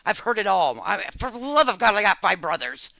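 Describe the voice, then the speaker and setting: A woman's voice: mid-range voice, sing-song, brisk, creaky, sharp tone, no room sound. A woman hosting a live stream, chatting casually in a brash, profane, joking way and calling people honey. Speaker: live-stream commentary host.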